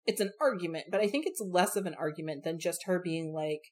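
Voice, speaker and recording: A woman talks through a classic novel in easy conversation, her voice sitting a little low. She throws herself into the characters' lines as she quotes them and swears without a second thought. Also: fast, hardly any pauses. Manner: animated, acts out characters' lines, swears casually. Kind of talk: casual book discussion.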